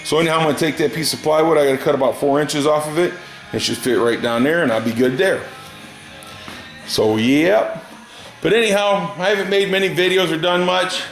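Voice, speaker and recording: Soft music plays behind a middle-aged garage hobbyist vlogger as he rambles through a story in casual workshop chat. His fairly high, slightly bright voice moves a little fast yet keeps a folksy drawl, and the room is echoey.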